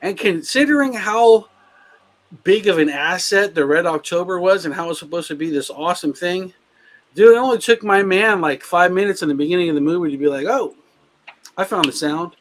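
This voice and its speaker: A man co-hosting a casual movie podcast, talking in an animated, profane way. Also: high-pitched, brisk. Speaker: podcast co-host.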